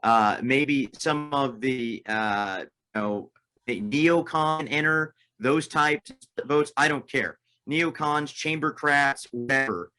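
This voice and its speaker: Man, bright tone, mid pitch, emphatic, repeats himself, candidate guest. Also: takes it slowly, low-quality recording. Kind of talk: political interview.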